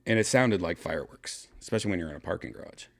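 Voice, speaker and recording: A man hosting a podcast, casually telling a story with excitement and swearing, acting out his own shouts. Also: deep voice, quick pace. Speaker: podcast host.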